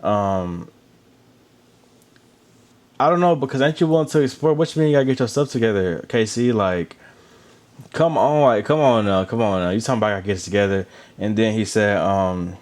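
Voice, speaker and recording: Casual male recap host with a low voice, animated delivery, chatty asides. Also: a little fast, pauses often. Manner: animated, chatty, with asides about drinking water and lotion. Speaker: reality show recap host.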